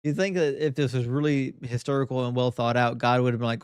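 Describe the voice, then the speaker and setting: A man's voice: medium pitch, fairly even intonation, fast, clear, resonant tone, dry recording, clean studio sound. A man co-hosting a podcast, chatting casually and making opinionated, joking remarks. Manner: opinionated, joking, half-serious rants. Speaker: podcast co-host. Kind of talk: casual chat.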